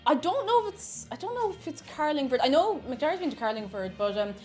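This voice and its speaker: A woman's voice: sits high, big pitch swings, quick pace, a little mellow, faint music behind. An Irish woman streaming live as she bakes, chatting in a rambling way and greeting viewers from chat. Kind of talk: casual chat while baking on stream.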